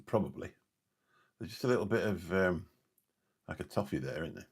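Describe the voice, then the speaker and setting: A deep, husky man hosts a late-night live stream, rambling along and joking with viewers one by one. His voice sits low and slightly rough throughout. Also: fast, pauses often. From Lincolnshire, England. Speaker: live streamer reading chat.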